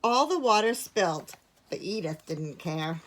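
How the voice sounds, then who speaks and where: A woman's voice: fairly low pitch, animated, unhurried, noisy background. Woman teacher reading a storybook aloud. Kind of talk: reading a picture book aloud to children.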